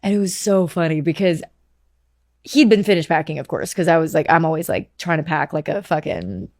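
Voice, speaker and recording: A young woman in her twenties, a podcast guest, telling a story in a lively, animated way and swearing freely in casual chat. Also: low voice, a little fast, dry recording, clean studio sound. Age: 20s.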